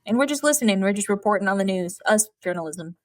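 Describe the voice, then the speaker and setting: A woman co-hosting a podcast in casual chat, hedging her opinions and dropping deadpan quips. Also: mid-range voice, fast, dry recording, studio quality. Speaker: podcast co-host.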